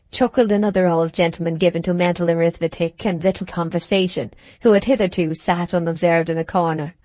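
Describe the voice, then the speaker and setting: A woman narrating a classic novel for an audiobook in a measured, even storytelling manner. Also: lowish voice, no echo.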